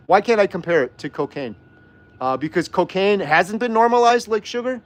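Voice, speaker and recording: A man's voice: high voice, moderate pace. A man hosting a livestream, arguing heatedly and firing off rhetorical questions while reading viewer comments. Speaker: host. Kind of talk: livestream chat and rant.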